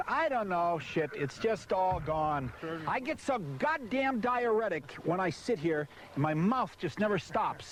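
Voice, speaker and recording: A fed-up man keeps blowing his lines and swearing at everything around him. His voice sits a little high and leaps all over the place as his temper flares. The old recording carries a steady bed of noise. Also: unhurried. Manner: exasperated, swearing constantly, forgetting lines. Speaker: spokesman filming a promotional video. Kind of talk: profane outtakes from a video shoot. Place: outdoors by a vehicle under hot lights.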